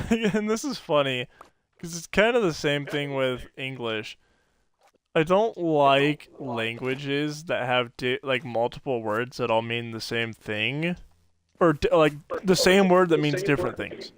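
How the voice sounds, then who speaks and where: Clear-voiced man rambling casually. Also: mid-range voice, lively intonation, a little slow. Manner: rambling storyteller, many fillers and laughs. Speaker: podcast co-host. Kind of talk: casual podcast chat.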